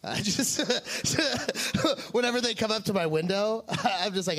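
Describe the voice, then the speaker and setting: A man co-hosting a live comedy show on stage, cracking quick teasing jokes. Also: high voice, a bit bright. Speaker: comedian and co-host. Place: stage before a live audience.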